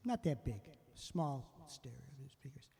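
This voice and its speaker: An older man, a musician host, tells a rambling story in a casual way, breaking off mid-thought and voicing the people he quotes with lively energy. His mid-range voice is husky, he takes it slowly, and the sound suggests a big room.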